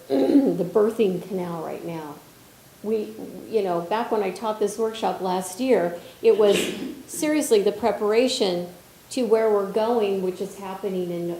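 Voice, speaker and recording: A woman leading a spiritual healing workshop, talking in an animated, conversational way with frequent restarts. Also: mid-range voice, slight background noise. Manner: animated and expressive, with frequent restarts and filler phrases. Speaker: workshop leader and spiritual healer. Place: conference hall. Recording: roomy conference hall echo.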